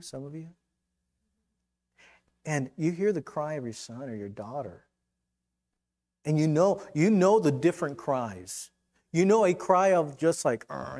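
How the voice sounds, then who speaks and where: A middle-aged male pastor preaching a conversational, impassioned sermon, swinging from loud declarations to hushed asides. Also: a little high.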